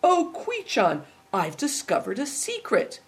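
A reader voicing an excitable, curious young boy who exclaims eagerly, in a storybook reading. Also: mid-range voice, normal speed. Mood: excited.

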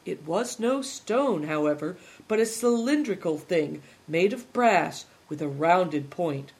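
An audiobook narrator reading at a steady, measured pace. The delivery is plain and even, moving the story along without fuss. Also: mid-range voice, slightly rough.

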